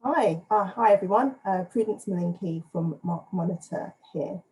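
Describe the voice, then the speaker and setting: A woman's voice: on the low side, moderate pace, warm tone, rough recording. A woman giving a playful, self-deprecating but earnest candidate speech over a video call. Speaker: candidate for advisory council.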